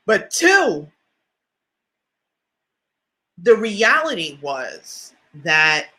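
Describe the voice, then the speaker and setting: A woman's voice: mid-range voice, sharp tone. Woman, motivational speaker, heartfelt livestream storytelling, emotional but candid. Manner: emotional, close to tears, laughs through it; candid, conversational, addresses listeners directly.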